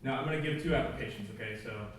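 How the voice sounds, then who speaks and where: A man's voice: mid-range voice, very fast. A man giving an informal chapel talk at a school, conversational and joking, with plenty of asides. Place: large school auditorium. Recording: echoey hall, distant mic, faint noise.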